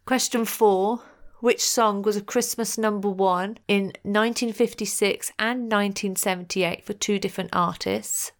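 A woman hosting a podcast and reading out quiz answers in a chatty, playful way with jokey asides. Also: medium pitch. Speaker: podcast host.

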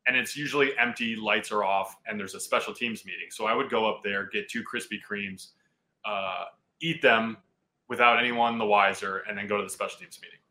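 A man in his thirties, a football player, telling an animated story on a podcast and laughing often. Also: lowish voice, poor audio.

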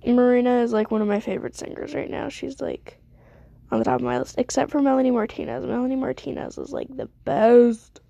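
A woman's voice: on the high side, lively intonation, quick pace, vocal fry, dark tone, dry recording, lo-fi sound. A young woman streamer giving rambling, self-deprecating casual commentary while she plays a game.

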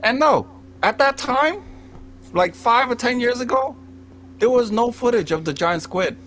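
Animated, swearing young man telling a story. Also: very high voice, measured pace, slight background noise. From Cambodian. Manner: animated, heavy swearing, acts out quotes. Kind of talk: profane comedic storytelling among friends.

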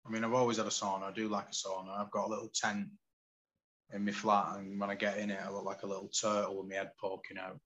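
Man in his forties, low-pitched, candid and animated storyteller, casual chat, faint noise behind. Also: fast talker, highs cut off. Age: 40s. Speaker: podcast guest. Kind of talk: casual conversation.

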